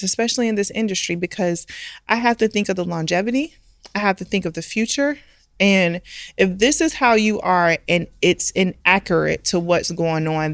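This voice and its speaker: A woman's voice: fairly low pitch, dry recording. A middle-aged woman, a bar owner, speaking candidly and emphatically in an interview, often using rhetorical questions. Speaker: guest, restaurant and bar owner.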